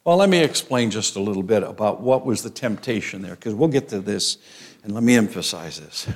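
A man's voice: lowish voice, lively intonation, brisk. An older man teaching an informal Bible class in a conversational way, with frequent ums and restarts.

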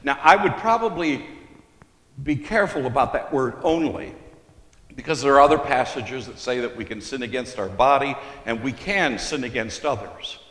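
A man preaching an expository sermon, teaching slowly and deliberately and stressing key words. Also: medium pitch, lively intonation, a bit bright. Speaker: pastor. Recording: echoey hall with long reverb.

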